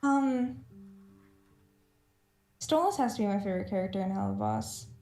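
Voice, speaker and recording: Sleepy woman streamer, halting rambling chat, roomy echo, faint music behind. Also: medium pitch, creaky, a little mellow. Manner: halting, rambling with many fillers. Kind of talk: casual chat while drawing.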